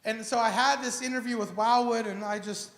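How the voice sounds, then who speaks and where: A man preaching a sermon, telling a personal story in an animated, casual way full of slang and acted-out dialogue. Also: very high-pitched, brisk. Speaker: pastor. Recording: echoey church hall.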